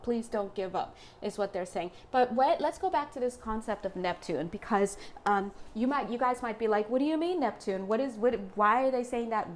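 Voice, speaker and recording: A woman's voice: fairly high pitch, a little hiss or hum. A young woman doing a casual tarot reading to camera, chatty and joking, laughing often. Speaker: tarot reader.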